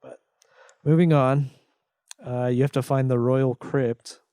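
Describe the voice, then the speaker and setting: A man's voice: mid-range voice, steady tone, slow, mellow, smooth, no echo. Dry, sarcastic man recapping a game. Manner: walks through the plot, dry sarcasm. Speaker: podcast co-host. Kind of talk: casual game review chat.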